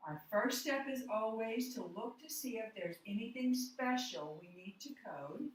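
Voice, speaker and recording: A woman's voice: fairly high pitch, animated, a little slow, a little hiss or hum. A woman teacher giving a patient, step-by-step phonics lesson, correcting herself as she goes. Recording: echoey room, mic far off.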